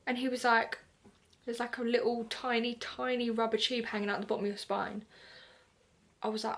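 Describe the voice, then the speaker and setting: A young woman vlogger from the UK telling a story in a chatty, animated way, acting out the dialogue. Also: a little high, normal speed, long pauses. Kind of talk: casual storytelling to camera.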